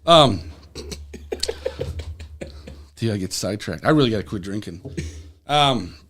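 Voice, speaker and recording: Low-voiced man telling rambling, profane stories. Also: lively intonation, unhurried, fairly bright tone, slight background noise. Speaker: podcast guest. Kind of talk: casual storytelling.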